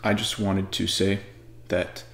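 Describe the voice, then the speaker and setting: A man's voice: low-pitched, flat delivery, slow, creaky, a bit bright, echoey room. A man from Arizona talking in a rambling, joking casual monologue.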